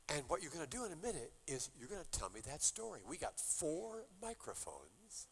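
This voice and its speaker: A man's voice: fairly high pitch, wildly swooping pitch, normal speed, a bit bright, slightly rough. An older man leading a university chapel service, telling a story between songs with playful, joking exaggeration. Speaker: chapel musician and worship leader.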